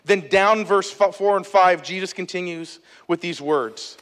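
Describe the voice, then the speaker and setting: In an echoey hall, a pastor in his thirties delivers a sermon at normal speed, his voice sitting high with a fairly bright tone. His storytelling is emphatic yet conversational, with remarks aimed at the congregation along the way.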